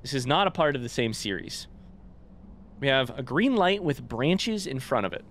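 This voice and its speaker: A man's voice: mid-range voice, expressive, moderate pace, a bit bright, slight background noise. A young man giving casual let's play commentary on a blind playthrough, swearing freely and gasping or shrieking when startled. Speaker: gaming YouTuber.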